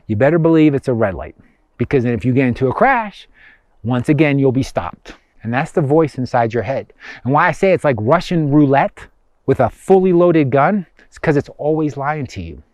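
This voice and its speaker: A man's voice: fairly high pitch, a little mellow, no echo. A man giving a conversational motivational self-help talk, emphatic and repetitive. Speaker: motivational speaker.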